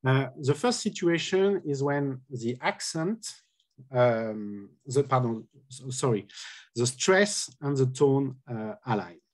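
Speaking slowly and expressively in a mid-range voice, a linguistics lecturer walks through his colloquium talk step by step. He hesitates a lot, corrects himself and fills gaps with filler sounds.

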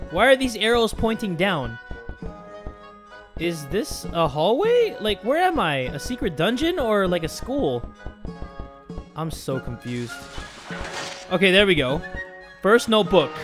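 A man doing excitable, swear-filled gameplay commentary as a gaming YouTuber. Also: high-pitched. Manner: excitable, swears, yelps and shouts when startled. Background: game music.

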